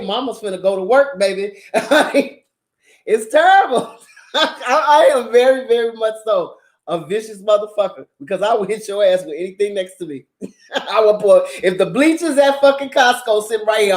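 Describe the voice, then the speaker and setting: A woman talks straight to her viewers in a loose, unscripted monologue. She swears freely and breaks into laughter as she tells her stories. The sound carries a noticeable roomy echo. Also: mid-range voice. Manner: profane, animated storytelling with frequent laughter. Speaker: channel host. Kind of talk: casual monologue.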